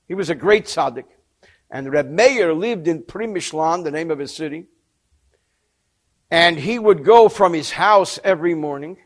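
Man, high voice, religious teacher, animated storytelling lecture, glosses Hebrew phrases in English. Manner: lively storyteller, mixes Hebrew and Yiddish terms with English translation. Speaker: Torah teacher. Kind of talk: storytelling lecture on a sacred text.

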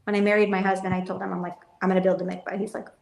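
A woman's voice: medium pitch, little pitch movement, racing, gravelly, roomy sound. A young adult woman, a business owner, talking earnestly and at length as an interview guest, often laughing as she speaks. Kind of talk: casual interview chat.

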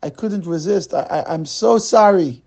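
A man with a husky, gravelly voice lifts his pitch to play an emotional man. He stammers and gushes in broken English, apologetic and overwhelmed. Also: moderate pace, mellow. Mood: apologetic, excited.

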